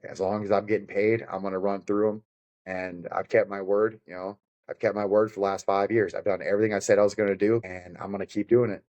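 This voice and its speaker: A fired-up man on a podcast, rambling and cursing his way through his points. His voice sits on the low side. He talks in an easy, conversational way. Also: little pitch movement, fast, darkish tone, muffled recording. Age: adult with children. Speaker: podcast guest, bare-knuckle fighter.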